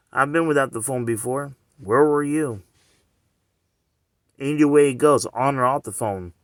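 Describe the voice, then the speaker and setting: A man's voice: mid-range voice, fairly bright tone, dry recording, clean studio sound. A man talking straight to the camera in a loose, rambling monologue, circling back again and again with rhetorical questions and "you know what I'm saying.".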